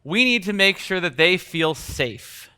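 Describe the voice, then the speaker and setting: A man's voice: sits high, animated, unhurried, bright, forceful tone, clean tone. A man teaching coaches at a live workshop in a conversational way, acting out bits of example dialogue. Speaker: coaching trainer.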